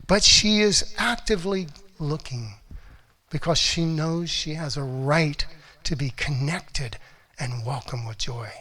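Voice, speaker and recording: A middle-aged man giving a motivational talk as a relationship coach, animated storytelling that acts out quotes and swings from hushed to loud. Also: fairly high pitch, slow pace.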